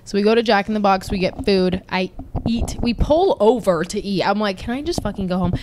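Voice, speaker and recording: A young woman co-hosting a podcast, telling a story casually, animated and swearing freely. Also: mid-range voice, brisk, background noise. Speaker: podcast co-host.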